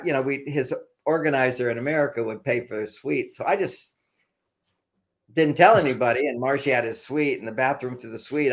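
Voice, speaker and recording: A man telling a personal story casually as a podcast guest, animated and laughing, acting out quotes in a raised voice. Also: mid-range voice.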